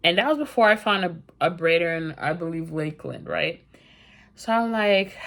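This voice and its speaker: A woman's voice: lowish voice, normal speed, a bit bright. A young woman vlogger telling a personal story, candid and emphatic, in a casual storytime vlog.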